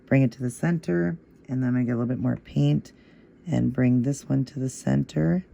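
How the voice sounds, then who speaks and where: A man talks through a nail art tutorial in a casual, step-by-step way. His voice is gravelly and mellow, and he patiently repeats each move in a steady rhythm while encouraging the viewer. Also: mid-range voice, fairly quick.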